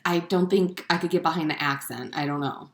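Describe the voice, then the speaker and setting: A woman's voice: fairly low pitch, fairly quick, a bit bright, roomy sound. A woman co-hosting a podcast in casual chat, laughing often as she talks. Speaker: podcast co-host.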